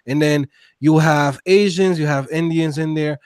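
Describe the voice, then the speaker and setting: Animated high-voiced slangy man. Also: measured pace, clear, resonant tone, no echo, clean studio sound. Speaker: podcast co-host. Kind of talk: casual conversation.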